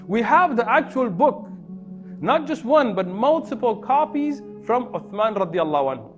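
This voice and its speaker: High-voiced man explaining to an audience. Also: muffled recording. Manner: asks the audience questions, lively emphasis. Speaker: Muslim speaker teaching non-Muslims.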